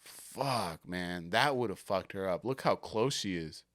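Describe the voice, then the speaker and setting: Male podcast host, loose and profane, lively intonation, dry close sound. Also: low-pitched, slow pace, no echo. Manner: laid-back, swears freely, laughs often. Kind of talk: casual chat reacting to viral videos.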